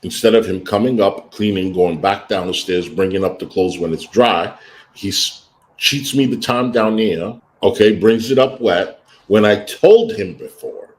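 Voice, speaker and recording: Telling a casual story on his livestream, this host gets animated, ranting and playing both parties in an argument. His voice is slightly rough at a measured pace, though he switches to a high sing-song when greeting viewers.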